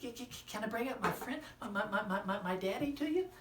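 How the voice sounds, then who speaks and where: A man voicing an excitable young boy, a former orphan, who stammers and repeats his words, heard in a roomy hall from far off. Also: high voice, fast talker, a little hiss or hum, pitched above the performer's own voice. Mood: excited.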